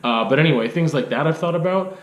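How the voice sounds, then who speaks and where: A man's voice: on the high side, animated, quick pace, slight background noise. A young man, talking casually to camera in a rambling, self-deprecating way, full of hedges and fillers. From Canada. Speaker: video blogger and artist. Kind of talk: casual unscripted monologue. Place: art studio. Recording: echoey room.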